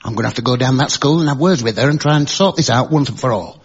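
A man doing a stand-up minute of one-liners and a deadpan story. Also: mid-range voice, fast, husky, lo-fi sound. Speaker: comedian. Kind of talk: stand-up routine.

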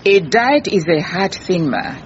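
Radio drama: firm, patient detective, muffled sound. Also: female voice, medium pitch, sing-song, measured pace. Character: calm firm woman detective. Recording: muffled with faint hiss.

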